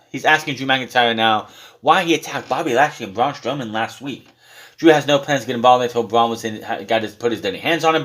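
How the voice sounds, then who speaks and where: A man's voice: medium pitch, fairly bright tone. Blunt, sarcastic man recapping wrestling. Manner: blunt, sarcastic, swears freely. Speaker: wrestling show reviewer. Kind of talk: casual solo show recap.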